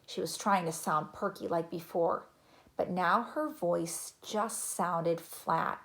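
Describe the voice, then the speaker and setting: A woman narrating a children's chapter book in a gentle, even reading voice. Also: on the low side, takes it slowly. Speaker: audiobook narrator. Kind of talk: storybook narration.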